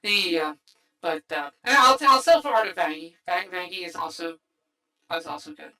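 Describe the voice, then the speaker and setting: The streamer is a man whose voice changer leaves him sounding high and sharp, talking at a normal speed over poor audio. He chats casually to wrap up the stream, rambling, filling gaps, and restarting his sentences often.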